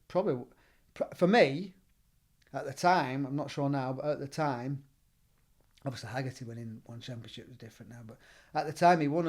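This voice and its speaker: A middle-aged man with a Northern English accent, telling stories in a relaxed chat as a gym owner and trainer, acting out the lines he quotes. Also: medium pitch. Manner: animated, acts out quoted dialogue. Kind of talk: casual storytelling.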